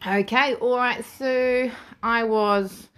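A woman's voice: a little high, steady tone, slow, fairly bright tone, a little hiss or hum. A woman in her thirties with a New Zealand accent, telling her story to an interviewer in a frank, laughing way and swearing freely. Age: 30s. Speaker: interview guest. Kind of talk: candid storytelling.

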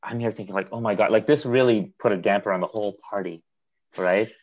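A man with a fairly low voice tells a rambling story on a podcast, slipping into quoted dialogue and laughing as he goes. The sound is a bit muffled and lo-fi. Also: a little fast, a little mellow. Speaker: podcast co-host. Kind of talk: casual storytelling chat.

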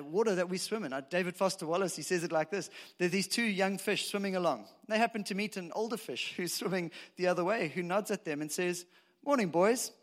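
A pastor preaching a sermon in a conversational way, asking rhetorical questions and throwing in casual asides. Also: male voice, high-pitched.

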